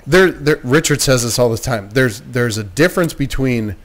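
A man's voice: medium pitch, normal speed. A man, a filmmaker guest, telling stories in casual chat and acting out the voices he quotes. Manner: animated, acts out quoted voices. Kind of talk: casual storytelling.

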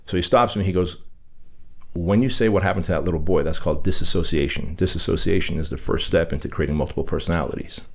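A man with a low, deep voice speaks as a podcast guest. Originally from Armenia, he tells a personal story in a candid, emphatic way, acting out the dialogue with the people in it. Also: quick pace.

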